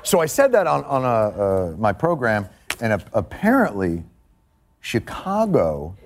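A man with a New York accent delivering a comedic late-night monologue, mock-indignant with deadpan asides. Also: lowish voice, unhurried, some chatter behind, a little hiss or hum. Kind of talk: comedic monologue to a studio audience.

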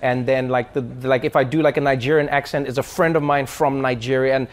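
Taking questions from a live crowd, a fast-talking comedian with a mid-range voice spins animated stories, laughs along, and keeps breaking into impressions. The hall recording carries the audience's laughter and murmur.

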